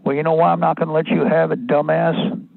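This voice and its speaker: A man with a raspy, gravelly, somewhat high voice hosts a talk radio monologue. He rambles, restarts his sentences and talks bluntly, crude at times. The sound is dry and thin, like a phone line. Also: level tone, quick pace, dry recording. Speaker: radio host.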